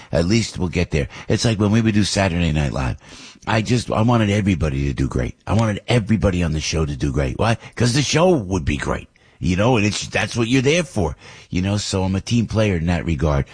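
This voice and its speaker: A man's voice: fairly low pitch, husky. A man hosting a talk show, rambling in a chatty, casual way with lots of fillers and asides. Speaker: radio talk host. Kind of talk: casual monologue.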